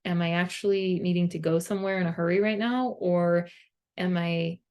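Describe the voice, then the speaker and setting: A woman's voice: on the low side, fairly even intonation, normal speed, darkish tone, clear, resonant tone. Earnest woman chatting about parenting. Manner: earnest, conversational, heavy use of "like". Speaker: parenting vlogger. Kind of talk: casual monologue to viewers.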